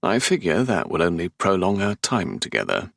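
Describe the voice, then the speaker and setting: A man with a London English accent reads a first-person romance audiobook in a dry, sardonic, exasperated voice. His voice sits very low, with a gravelly, husky grain. The recording is close and dry. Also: wildly swooping pitch, normal speed, a bit bright, no echo. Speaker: audiobook narrator. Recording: dry close studio sound.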